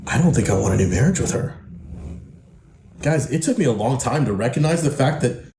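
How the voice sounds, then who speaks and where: A male podcast host and men's coach with a medium-pitched, slightly mellow voice delivers a monologue that is blunt, profane, emphatic, and preachy. The room is echoey, with a faint hiss.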